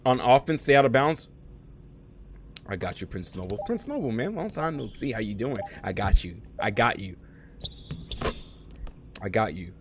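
A man live-streaming a game, chatting casually and profanely with his viewers, swinging from low muttering to loud excited outbursts. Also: moderate pace, long pauses, slight background noise. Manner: slangy and profane, talks to chat by name. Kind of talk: casual live-stream chat while gaming.

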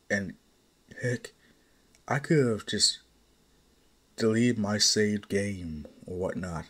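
A man's voice: fairly low pitch, a bit bright. A man playing a stammering, remorseful husband. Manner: halting, stammering confession. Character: remorseful young husband and father. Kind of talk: fan story voice acting.

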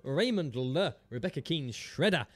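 A man's voice: a little high, very animated, normal speed, no echo. Rambling male streamer. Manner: rambling, chatty and self-mocking, swears freely. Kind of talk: casual live-stream chat.

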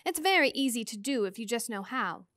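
A kindly, motherly otherworldly old lady, as a woman reads her aloud, soothing and cheerful in a bright, high voice. The sound is dry and close, like a storybook read at home. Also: expressive, fairly quick, no room sound.

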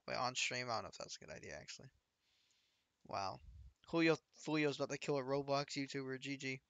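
A man's voice: medium pitch, lively intonation, fairly quick, creaky, fairly bright tone, no echo, dull audio. A man streaming a game, chatting casually with his viewers and teasing his friends. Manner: joking, teasing banter with chat and friends.

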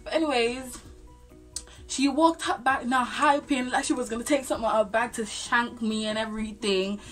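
A young woman talks through a storytime vlog in a fairly high voice. Her delivery is animated, slangy and full of swearing, with faint music behind her. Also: moderate pace. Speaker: vlogger.

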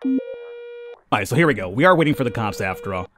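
Young male let's-play host, lively chatty commentary, middle pitch. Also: fast, crowd noise. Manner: chatty, laughs at callers, talks to units. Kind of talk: casual gameplay commentary.

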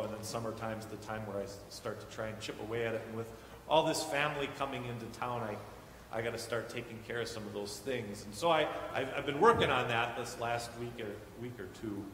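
A man in his thirties preaching a sermon as guest preacher, telling family stories with animated quoted voices. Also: mid-range voice, a little hiss or hum. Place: church sanctuary. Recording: echoey hall with long reverb.

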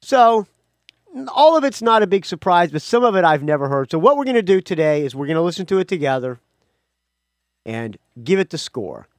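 A man's voice: high voice, very animated, fairly quick, no room sound, clean studio sound. A man hosting his own music podcast, talking casually and rambling, with frequent restarts and asides. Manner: rambling, chatty, self-correcting. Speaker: podcast host. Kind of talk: casual solo podcast talk.

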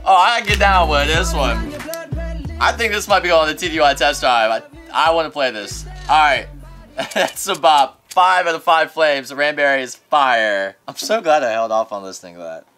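A young man hosting radio, giving an excitable casual reaction to an album in a studio as he rates each track. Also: fairly high pitch, normal speed. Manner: excitable, rates tracks in flames, laughs often. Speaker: radio host reviewing an album. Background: music playing.

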